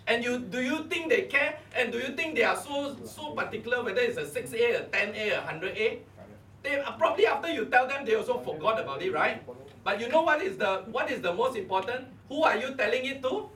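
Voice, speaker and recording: A man's voice: very high-pitched, expressive, a little fast, pushed and bright, distant mic. A middle-aged man with a Malaysian English accent, coaching a live audience at a motivational seminar and firing rhetorical questions at them. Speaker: network marketing coach. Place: meeting room before a live audience. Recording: echoey room, voice off-mic, faint hum.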